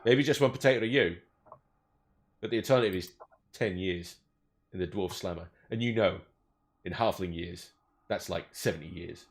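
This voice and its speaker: A man's voice: sits low, moderate pace, pauses often, voice pushed down. A man putting on a stiffly polite elf police officer. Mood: wheedling, hushed. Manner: overly polite, stiff formal phrasing with stammered restarts.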